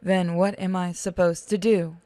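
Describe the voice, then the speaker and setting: Brief: woman playing a moody male cyborg inmate, robot voice effect, quiet flat delivery, smooth tone, dry sound. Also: on the low side, normal speed, dry recording. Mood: bitter. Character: gloomy male cyborg prisoner, bitter and self-pitying.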